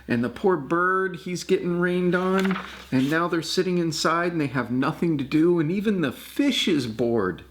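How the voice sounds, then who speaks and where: A grandfather reads a picture book aloud to a child, gentle and affectionate, exclaiming and pointing out the pictures. His voice sits on the high side at normal speed, with slight background noise.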